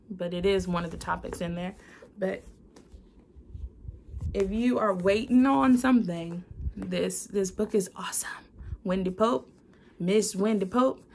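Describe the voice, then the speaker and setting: A young woman records a heartfelt video diary, speaking slowly and earnestly with plenty of pauses and restarts. Her voice has a gravelly, creaky texture, and a faint ambient hiss sits beneath it. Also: medium pitch. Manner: earnest, confiding, many fillers and restarts.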